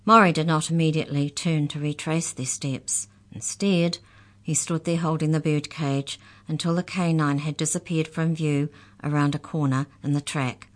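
Low-voiced woman reading a children's story. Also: fairly even intonation, moderate pace.

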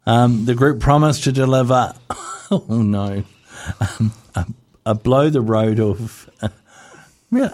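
A man's voice: mid-range voice, a little mellow. A man hosting a casual radio chat, giggling and tripping over words as he reads out entertainment news. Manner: giggly, chatty, stumbles over words while reading. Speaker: radio host.

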